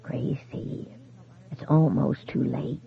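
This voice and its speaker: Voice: medium pitch, gravelly, slightly rough, heavily acted. A reader whispering as a ghostly husband on the phone. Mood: eerie whisper. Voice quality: whispery, vibrating. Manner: faint, slow, fading. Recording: tinny phone-like sound.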